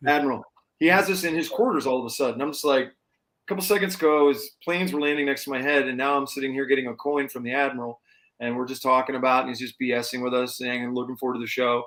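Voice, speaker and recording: Animated male musician telling road stories. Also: mid-range voice, fast, poor audio. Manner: animated storyteller who acts out quoted people. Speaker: musician guest. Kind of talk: casual storytelling interview.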